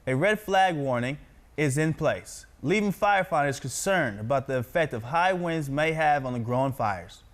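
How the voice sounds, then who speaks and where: A man practicing reading news copy aloud, stumbling over names and repeating corrections. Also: on the high side.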